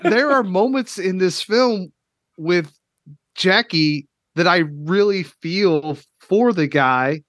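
Kentucky guy hosting a podcast, kinda high voice, gets worked up and emotional, swears here and there. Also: slow, no echo, studio quality. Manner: animated, emotional, swears casually. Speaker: podcast host. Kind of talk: casual podcast chat.

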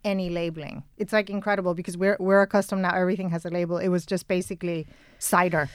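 A woman's voice: fairly low pitch, level tone, fast talker, smooth, no room sound, clean studio sound. A woman from Spain with a Spanish accent, a native Spanish speaker, co-hosting in English, reminiscing and sometimes searching for words. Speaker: podcast co-host. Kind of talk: casual conversational chat.

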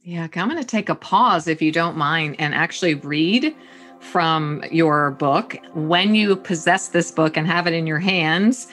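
A woman hosting a talk radio interview, asking questions and reading aloud with emphatic, expressive delivery. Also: low-pitched, unhurried, soft background music. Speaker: radio host.

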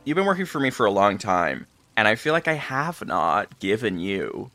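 Man doing vain old country club boss, pompous, strained aged voice, lively pitch swings, improv comedy. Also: no echo, soft background music. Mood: mock-sincere. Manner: pompous, self-absorbed, drawn-out emphatic delivery. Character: vain eccentric older male country club owner. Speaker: podcast co-host.

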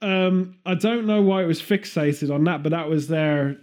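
A man's voice: a little high, normal speed, darkish tone. A man from Birmingham with a Birmingham accent, chatting casually and rambling, laughing often. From Birmingham, England. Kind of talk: casual chat.

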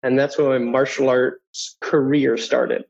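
A man in his thirties, a guest telling personal stories in an animated way, who often acts out the voices of people in his anecdotes. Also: medium pitch, unhurried, creaky. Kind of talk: personal storytelling. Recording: dull lo-fi audio.

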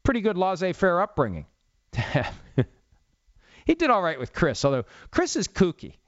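Man, 50s, solo sports talk host, lively swings in pitch, dry dull studio sound. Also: moderate pace, no echo. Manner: rambling, self-mocking, opinionated. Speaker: sports radio podcast host. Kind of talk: solo talk show monologue.

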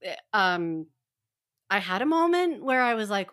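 A woman's voice: fairly high pitch, animated, a little slow, pauses often, fairly bright tone. A woman co-hosting a casual fan podcast, talking animatedly and acting out characters' lines as she retells scenes. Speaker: podcast co-host.

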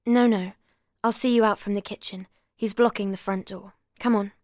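A cool, evasive young woman, as a woman reading a novel voices her speaks briskly and often drops to a whisper. Her tone stays level and practical. The recording is close and dry. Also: mid-range voice, steady tone, dry recording, natural voice. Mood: urgent hushed.

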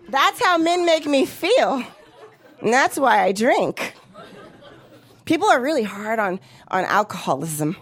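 A woman's voice: very animated, measured pace, fairly bright tone, some chatter behind. A young woman performing a profane stand-up comedy set, jumping into acted-out voices. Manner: brash, profane, acts out voices with big pitch jumps.

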